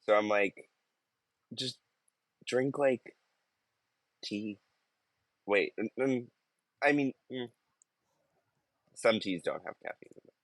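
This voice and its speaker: A young man co-hosting a podcast, chatting casually in an unhurried, wry way that drifts into tangents. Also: fairly low pitch, no room sound. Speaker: podcast co-host. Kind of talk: casual chat.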